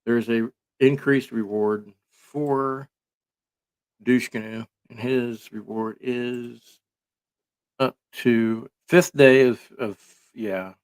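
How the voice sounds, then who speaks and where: A man's voice: medium pitch, fairly even intonation, drawn-out words, clean tone. A man giving casual, rambling commentary full of sarcastic jokes and filler words.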